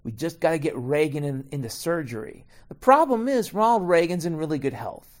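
A middle-aged man launches into a profane, rambling, sarcastic comedic rant, animated and brisk. His pitch swings widely as he lurches from muttered asides to loud outbursts.

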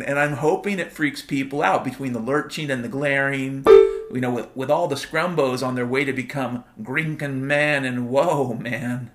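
A man with a mid-range voice hosts a rambling, playful monologue at a moderate pace, heavy on wordplay and repetition and swearing freely, with piano music playing behind him.

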